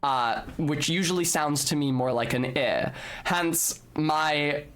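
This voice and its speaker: A young man with a fairly high voice chats through a live game stream. He explains things at length in a lecturing way, dropping the odd swear. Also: slow, a bit bright. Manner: casual swearing.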